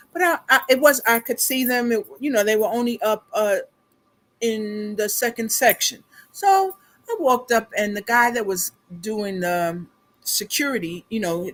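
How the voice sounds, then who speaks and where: A middle-aged woman hosting a casual livestream, telling a family story in a chatty, animated way, laughing along and calling her viewers y'all. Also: medium pitch. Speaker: beauty consultant livestream host.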